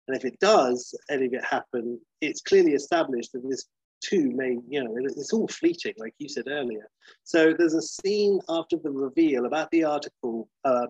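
A man talks casually through a film pitch, rambling with restarts and fillers. His voice is husky and of middle pitch, and the recording is dull and dry. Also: a little mellow, no room sound. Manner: rambling, full of fillers and restarts, acts out the characters.

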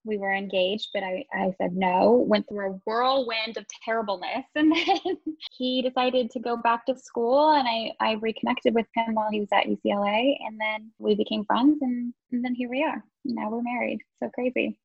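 A woman in her thirties tells a personal story as a podcast guest, her voice sitting on the higher side. She speaks in a lively, animated way, laughs often and puts on voices for the people she quotes. The sound is dry and a little dull. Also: moderate pace, vocal fry, no room sound. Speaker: interview guest. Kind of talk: casual storytelling.

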